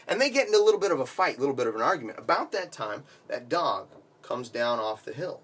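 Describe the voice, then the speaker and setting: A man telling a long shaggy-dog joke with animated storytelling. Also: mid-range voice, fast talker, breathy edge. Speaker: joke teller.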